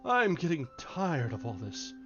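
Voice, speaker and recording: A man voicing a bored, earnest male March Hare with a slow drawl, in a storybook reading. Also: a little high, big pitch swings, highs cut off, faint music behind. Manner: drawling, yawning.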